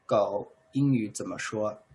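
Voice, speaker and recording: Slow, patient bilingual male teacher. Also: fairly low pitch, darkish tone, rough recording. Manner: slow, patient, repeats phrases in two languages. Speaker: language teacher. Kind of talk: bilingual language lesson.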